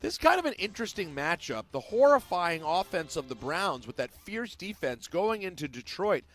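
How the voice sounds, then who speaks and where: Man, sports radio co-host, high voice, very animated, jokey, studio mic. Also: normal speed. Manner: animated, jokey, slips into silly accents. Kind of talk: sports talk radio chat. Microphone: studio microphone.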